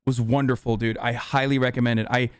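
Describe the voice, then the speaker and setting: A man's voice: mid-range voice, flat delivery, quick pace, clear, resonant tone, no echo. A man streaming a reaction to a clip, ranting in a heated, profane, casual way.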